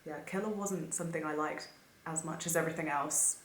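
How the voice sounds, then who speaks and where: A woman's voice: low-pitched, brisk, fairly bright tone, reverberant, slight background noise. A young woman, gushing emotionally and chatting casually as she reacts to music for her vlog. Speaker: vlogger.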